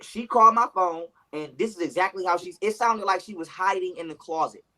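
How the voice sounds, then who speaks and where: A man's voice: high-pitched, fairly quick, bright, forceful tone. A man telling a rambling, repetitive personal story in a played clip. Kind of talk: casual storytelling in a video clip.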